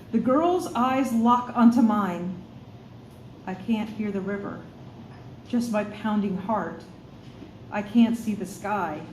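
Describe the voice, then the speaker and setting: A woman author reading her own first-person storybook in a measured, expressive way, with a few small slips. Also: a little high. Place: studio for a radio show. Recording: roomy room, faint noise.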